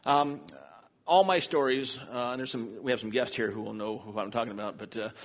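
Preaching in church, a man from Charlotte, North Carolina, in the US South, weaves self-deprecating, funny stories into his sermon. He speaks in a mid-range voice at a fairly quick pace.

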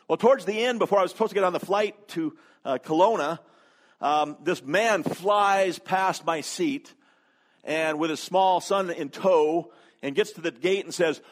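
A pastor with a slightly high voice tells a story from the pulpit. He talks casually and with humor, full of "uh" and "you know" as he goes. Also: moderate pace. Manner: conversational, humorous, with fillers. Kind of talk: sermon storytelling.

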